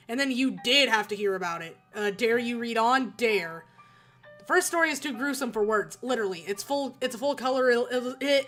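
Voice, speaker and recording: A woman streamer playing a game, reading its text aloud in a chatty, giggly, halting way. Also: fairly high pitch, a bit bright.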